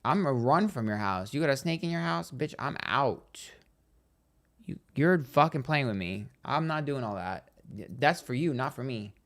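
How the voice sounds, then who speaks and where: Man, livestream host, sassy, profane, dramatic storyteller, middle pitch. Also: lively intonation, moderate pace, fairly bright tone. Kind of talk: casual livestream chat. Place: on a train.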